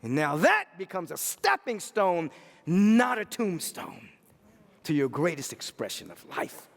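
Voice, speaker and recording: A man preaching a sermon as a pastor, telling stories in an animated way and swinging between loud and hushed delivery. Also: high voice, a little slow, vocal fry, long reverb tail.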